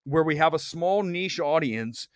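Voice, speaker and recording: A man from Ohio hosting a live movie talk stream, loud, outspoken and jokey, breaking into mocking voices now and then. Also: fairly high pitch, animated, measured pace, dry recording, studio quality. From Ohio, United States. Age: adult. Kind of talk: casual live-stream rant.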